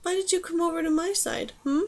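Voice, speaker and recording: A woman voicing a spirited, brave young girl archer in a lifted, brighter voice. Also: extremely high pitch, a little fast, pitched above the performer's own voice.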